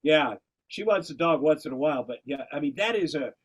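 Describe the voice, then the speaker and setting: A man's voice: on the high side, lively intonation, fairly quick, slightly rough, poor audio. Rambling man hosting a podcast. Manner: rambling, self-interrupting storyteller, swears casually. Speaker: podcast host. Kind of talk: casual chat.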